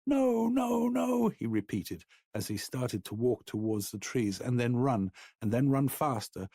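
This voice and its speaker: A male narrator voicing a terrified young boy who cries and wails his pleas in a high, breaking voice. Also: unhurried, warm tone, no room sound, clean studio sound. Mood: sobbing. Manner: crying, repeating pleas in a high wail.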